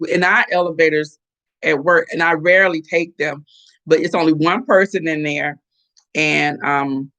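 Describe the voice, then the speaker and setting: A middle-aged woman hosting a casual live chat, animated and chatty as she reacts to viewer comments. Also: deep voice. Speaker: host.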